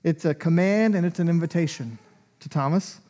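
A man with a notably high voice preaches a sermon in a relaxed, conversational manner. He acts out quoted lines with lively animation. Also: moderate pace. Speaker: pastor.

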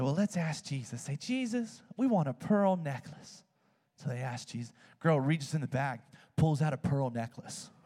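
A man preaching a sermon, telling a story with animated swings in his voice. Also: big-room sound. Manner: animated storytelling, swings high when excited.

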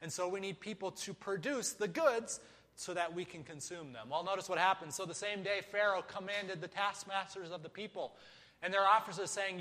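Man, sermon, high-pitched, emphatic, repeats phrases, long echo. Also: normal speed, bright, forceful tone. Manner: emphatic, rhetorical questions and repetition. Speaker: preacher. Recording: echoey hall.

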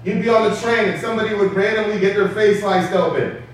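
Man preaching a sermon, animated and conversational, high voice, recorded from far off in a reverberant hall. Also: fast talker, slight background noise. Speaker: pastor.

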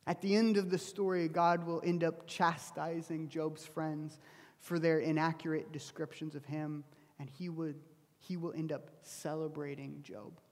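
A man's voice: on the high side, level tone, unhurried, big-room sound. A man preaching a sermon, telling a story earnestly and often dropping his voice to a near whisper. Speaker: pastor.

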